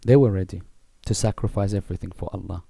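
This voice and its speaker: A man's voice: low-pitched, quick pace, gravelly, dark tone, breathy edge, no room sound. A man preaching a sermon, telling a story in short, repeated phrases. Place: mosque hall.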